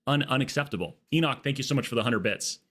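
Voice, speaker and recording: A man's voice: mid-range voice, fast, slightly rough. A man streaming a game live, chatting casually and riffing jokes with his chat. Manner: jokey, riffing excitedly with chat.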